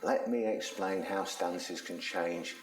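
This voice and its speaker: A man's voice: sits low, fairly even intonation, takes it slowly. A man, teaching self-defense in a chatty, slangy storytelling way while demonstrating on a punching bag. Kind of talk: casual instructional talk with demonstration. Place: training room with a punching bag. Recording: echoey room.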